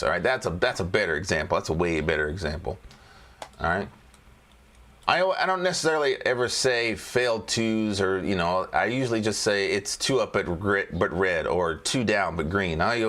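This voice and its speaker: A man's voice: low voice, expressive, moderate pace, fairly bright tone. A man casually walking through stock charts, chatty and repetitive, joking to himself as he goes. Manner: chatty, repeats phrases, laughs and jokes to himself. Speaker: trading educator. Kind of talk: casual screen-share chart walkthrough.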